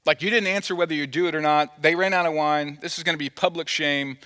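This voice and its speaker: Male pastor, conversational sermon, fairly high voice, long reverb of a large hall. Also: fairly even intonation, fast, pushed and bright, clean tone. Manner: conversational and playful, acting out quotes.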